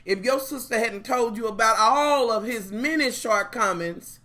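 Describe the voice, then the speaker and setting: A woman's voice: a little high, unhurried. A woman reviewing a TV show in a casual chat, blunt and profane, talking straight to her viewers. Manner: animated, opinionated.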